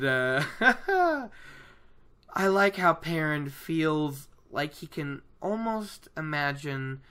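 A man's voice: a little high, pushed and bright. A man hosting a casual podcast, retelling a story chapter in a chatty, digressive way. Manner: chatty, digressive, full of fillers and laughs. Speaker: podcast host recapping a book. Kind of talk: casual chat.

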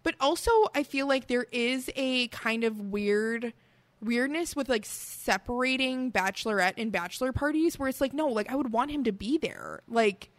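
A woman's voice: fairly high pitch, moderate pace. Rambling woman chatting casually. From American Midwest. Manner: rambling, fills every phrase with "like". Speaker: podcast co-host. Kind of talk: casual chat.

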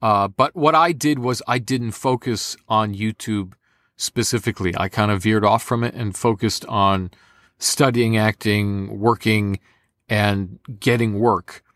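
A young American voice actor chatting in an interview, with an animated, storytelling delivery. His voice sits a little low, and the recording is close and dry. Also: a little slow, no room sound. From United States. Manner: animated storyteller, slips into impressions. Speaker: voice actor guest. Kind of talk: casual interview.

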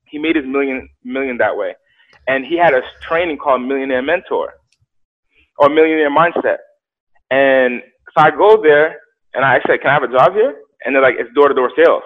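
A young man telling a story casually, animated, acting out quotes and repeating words. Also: mid-range voice, moderate pace. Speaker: guest telling his story. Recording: tinny phone-like sound.

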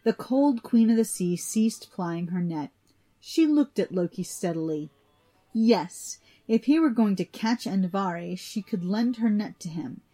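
A woman reading an old myth aloud in an even, deliberate storytelling manner. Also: medium pitch, faint music behind.

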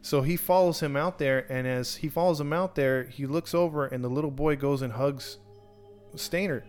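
A man's voice: on the high side, normal speed, smooth, faint music behind. Rambling man telling a true crime story. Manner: rambling, with many restarts and acted-out quotes. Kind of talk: casual storytelling.

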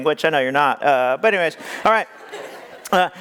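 A man's voice: high-pitched, quick pace, a bit bright, smooth. A male pastor preaching in a joking, conversational way, with self-deprecating asides. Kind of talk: humorous sermon storytelling. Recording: long hall reverb.

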